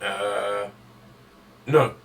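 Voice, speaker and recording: A man acting as dungeon master, narrating and ruling on rolls in a relaxed way, laughing often. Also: fairly low pitch, extremely slow, vocal fry. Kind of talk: running a tabletop game over voice chat.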